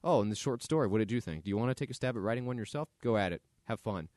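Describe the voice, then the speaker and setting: A man's voice: fairly low pitch, lively intonation, rapid-fire, a little mellow, no echo, studio quality. A man hosting his own podcast, talking casually and thinking aloud with fillers. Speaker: podcast host. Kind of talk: casual solo podcast monologue.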